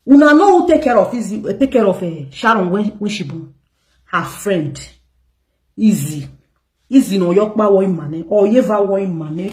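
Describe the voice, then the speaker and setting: A woman's voice: on the low side, mellow. A Nigerian woman vlogging to her viewers, telling a story in an emphatic, indignant way. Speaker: gossip vlogger. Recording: echoey room.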